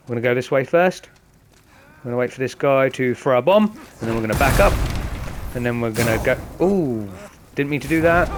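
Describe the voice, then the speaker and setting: A man commenting casually on a game, explaining each step to viewers in a chatty way. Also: medium pitch. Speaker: gaming host. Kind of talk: casual let's-play commentary.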